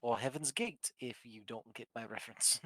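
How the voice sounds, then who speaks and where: A woman's voice: very deep voice, normal speed, a bit bright, no echo. A woman chatting in character as a doctor in a roleplay game, rambling with fillers and laughing often. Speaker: roleplay streamer playing a doctor.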